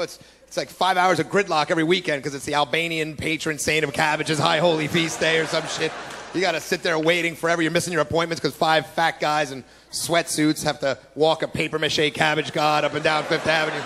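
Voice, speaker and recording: A man with a slightly high, sharp-toned voice performs a brash, profane stand-up set on a club stage, mocking people with put-on voices. It's a live club recording full of crowd noise, laughter, and applause.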